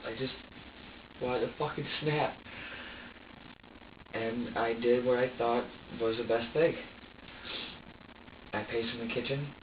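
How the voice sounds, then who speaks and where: A man being questioned by police, talking in halting bursts, repeating words and swearing as he quotes himself. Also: medium pitch, fairly even intonation. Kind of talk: police interrogation recording. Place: interrogation room. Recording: roomy, distant, dull with hiss.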